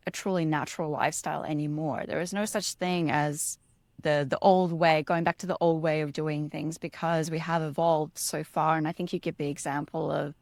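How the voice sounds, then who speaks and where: A woman's voice: low-pitched, dry recording. A woman hosting a podcast interview, asking long, winding questions full of restarts. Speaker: podcast host.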